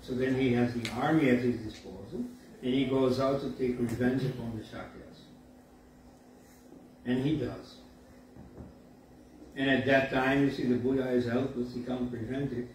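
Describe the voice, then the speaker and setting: A man giving a university lecture in a storytelling way, often pausing with fillers and asides like "you see.". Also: medium pitch, fairly even intonation, a little mellow. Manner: conversational, frequent "you see" and filler pauses. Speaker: guest lecturer. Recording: echoey hall from far off, faint background noise.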